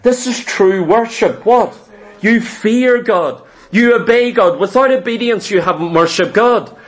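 High-pitched preacher guy, dramatic sermon storytelling, does little voices for the characters. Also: measured pace.

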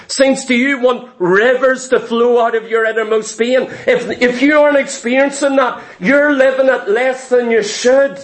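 A preacher with a strikingly high-pitched voice delivers a sermon. He speaks emphatically, repeats key phrases and throws rhetorical questions at his listeners. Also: fairly even intonation, moderate pace.

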